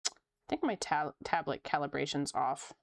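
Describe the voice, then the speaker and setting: A woman's voice: deep voice, lively intonation, normal speed, creaky. A young woman streamer chatting casually while she draws, reading chat aloud, laughing often and swearing freely.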